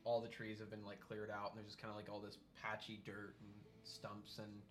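Man, game master, low voice, rambling scene narration, music behind. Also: completely flat delivery, a little fast, a bit bright. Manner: rambling descriptive narration with many fillers.

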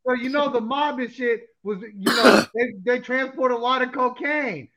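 A man's voice: very high-pitched, moderate pace, background noise. A man co-hosting a casual podcast who cuts in with repeated "hold on"s to push his theories. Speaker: podcast co-host. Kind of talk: casual comedic chat.

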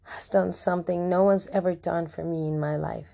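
A woman's voice: lowish voice, steady tone, moderate pace, gravelly, dark tone. A woman voicing an earnest teenage boy who speaks sincerely in an audiobook reading. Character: earnest teenage boy, newly polished model.

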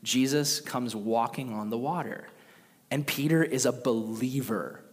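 A man preaching a sermon in a casual, conversational and animated way. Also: mid-range voice, measured pace. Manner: conversational, animated, with acted quotes. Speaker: pastor. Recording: long reverb of a large hall.

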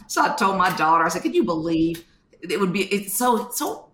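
A woman, a podcast guest telling stories in an animated way and acting out quotes. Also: on the low side, moderate pace, reverberant. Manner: animated storytelling, acts out quotes. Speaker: guest author. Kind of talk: podcast interview.

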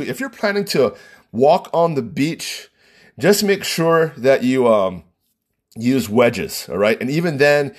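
Man, wedding photographer, husky voice, very lively pitch, rambling storyteller who laughs a lot. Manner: rambling, animated, laughs often, many fillers. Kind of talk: casual anecdote telling.

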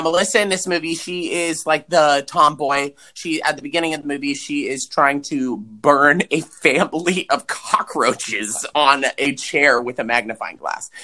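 A man co-hosting a podcast, chatting casually and swearing as he recaps a movie with big pitch swings for emphasis. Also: pushed and bright. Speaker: podcast co-host.

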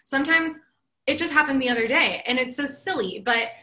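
Bright-voiced woman telling a story. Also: high-pitched, a little fast. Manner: storytelling, acts out quoted dialogue; earnest, reflective. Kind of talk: casual chat.

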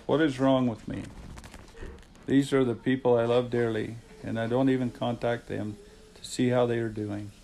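Earnest fatherly man with a gravelly voice. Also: medium pitch, mellow, a little hiss or hum, poor audio. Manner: earnest, heartfelt and devout. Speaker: father of the hosts. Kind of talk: reading his letter aloud, then chatting.

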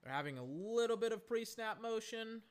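A man's voice: high-pitched, animated, normal speed, smooth. A young man hosting a podcast from home, talking through a game in a rambling, exasperated way, with lots of fillers and swearing. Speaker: podcast host. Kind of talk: casual live game commentary. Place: home, in a recliner.

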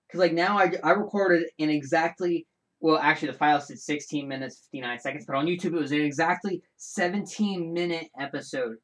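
A man with a slightly raised speaking voice hosts his own show, talking casually and alone. He rambles from point to point, animated, backtracking and restarting his sentences as he goes. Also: on the high side, fairly quick. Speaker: show host. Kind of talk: casual solo podcast chat.

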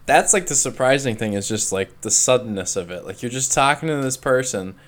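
A man's voice: medium pitch, expressive, a little fast. A man co-hosting a podcast in casual chat, joking and bantering with his guest. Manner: joking banter, laughs loudly. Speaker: podcast co-host.

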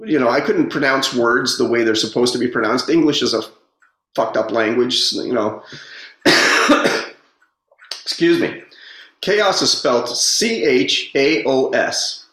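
Guy talking about his past, earnest and halting, voice goes up and down a lot. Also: mid-range voice, expressive, bright, forceful tone. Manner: halting, repeats words, earnest storytelling. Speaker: speaker on personal growth. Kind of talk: reflective casual talk. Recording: roomy echo.

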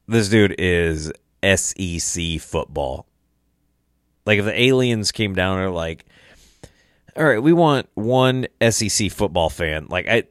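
A man's voice: deep voice, no room sound, studio quality. A young man hosting a solo podcast, tired and tipsy, rambling casually and swearing a lot. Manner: rambling, profane, laid-back. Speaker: podcast host.

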